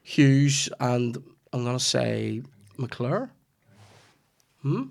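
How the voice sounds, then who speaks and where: Gravelly man telling a story. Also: mid-range voice, animated, very slow. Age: 30s. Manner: swears freely, restarts lines, acts out his mum in quoted asides. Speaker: podcast host. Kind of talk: casual comedic storytelling.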